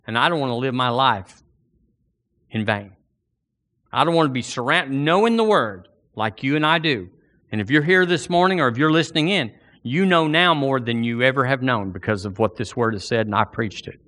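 A man's voice: medium pitch, lively intonation, moderate pace, a bit bright. A middle-aged man, preaching a sermon in a folksy, rambling way, often repeating words. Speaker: pastor. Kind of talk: fervent prayer.

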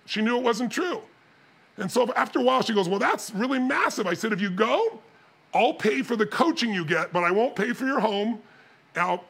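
A man's voice: sits high, creaky, fairly bright tone, husky. A middle-aged man telling a story to an audience as a motivational speaker, acting out the dialogue and laughing often.

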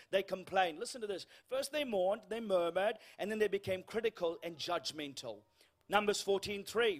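High-voiced man preaching a humorous sermon. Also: normal speed. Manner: storytelling with humour, acting out dialogue, dropping to a hush for quoted lines. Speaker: guest preacher. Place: church.

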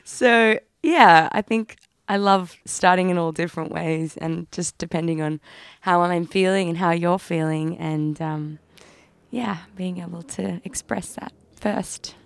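An Australian woman guest on a podcast, speaking softly and reflectively in casual chat. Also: fairly low pitch, a little slow, creaky, clear, resonant tone, no echo, clean studio sound. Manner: soft, reflective, laughs easily.

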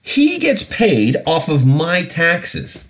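A blunt British podcast host, heated and profane, venting in casual commentary. His pitch swings widely as he talks, rising sharply when he is exasperated. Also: wildly swooping pitch, very slow.

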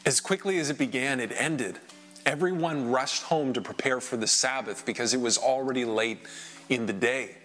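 A man performing an emotional first-person dramatic monologue, swinging between hushed lines and loud outbursts. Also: medium pitch, normal speed, faint music behind. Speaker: dramatic storyteller.

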